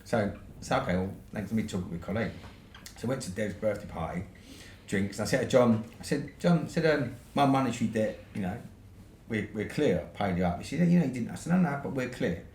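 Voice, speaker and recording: A man's voice: on the low side, animated, fairly quick, a little mellow. A man from the UK with a British accent, a podcast guest telling a long story in a casual way, swearing freely and ending points with "right?". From United Kingdom. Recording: roomy echo with faint noise.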